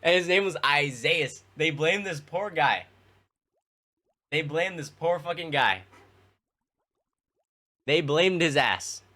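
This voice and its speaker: A fairly high, pushed, bright voice belongs to a young adult man. Casually addressing his stream chat, he wanders through childhood anecdotes, swearing often and using many fillers.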